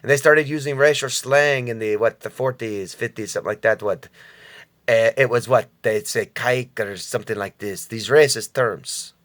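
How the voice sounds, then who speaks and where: Casual vlogger, man, mid-pitched voice, rambling and profane, talks right at his viewers. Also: moderate pace, fairly bright tone. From United States. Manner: rambling, profane, addresses viewers directly, chuckles often. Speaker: vlogger commentator.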